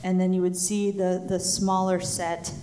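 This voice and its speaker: A woman running a tabletop game as game master, narrating a live show at a convention in an unhurried way with hesitations. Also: lowish voice, little pitch movement, mellow. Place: convention stage before a live audience.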